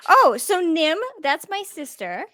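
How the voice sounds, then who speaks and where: A woman's voice: extremely high pitch, big pitch swings, slow pace, a bit bright, no room sound, studio quality, pitched above the performer's own voice, exaggerated voice. A woman voicing a young halfling boy of about ten who is polite and eager to play. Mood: friendly.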